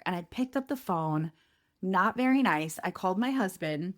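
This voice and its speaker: A woman in her thirties hosting a podcast, telling a personal story in a candid, animated way and quoting people in lively voices. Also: lowish voice, moderate pace. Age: 30s. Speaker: podcast host.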